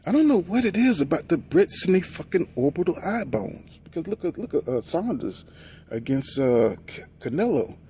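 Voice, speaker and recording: A man talking casually about boxing, telling the story with lively delivery and mocking voices for the people he quotes. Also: a little high, normal speed, slight background noise. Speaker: boxing commentator.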